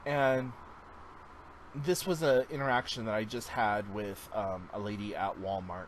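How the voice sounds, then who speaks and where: A man's voice: fairly low pitch, fairly even intonation, unhurried, slight background noise, poor audio. A man vlogging a casual check-in, talking in an earnest, encouraging way that drifts into tangents.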